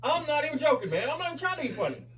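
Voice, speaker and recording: Male co-host, high animated voice, sarcastic and profane, a bit off-mic. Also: very fast, recorded from a distance, a little hiss or hum. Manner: profane, sarcastic, mimics people. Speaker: co-host roasting a video. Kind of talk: crude joking commentary over a played clip.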